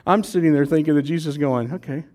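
A male pastor preaching a sermon in a church service, animated and conversational, quizzing his congregation and joking with them. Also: fairly high pitch, quick pace.

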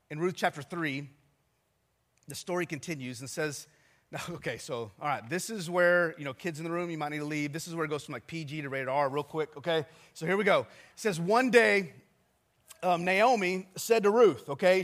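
A man in his forties preaches in a talkative, self-deprecating way, telling stories and slipping in asides for the congregation. The pitch is fairly high and the tone fairly bright.

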